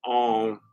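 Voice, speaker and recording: A man's voice: on the low side, clean tone, muffled recording. A man hosting a casual live watch-along stream, reading viewer comments aloud while eating, chatty and a bit scattered, laughing often. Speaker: livestream host.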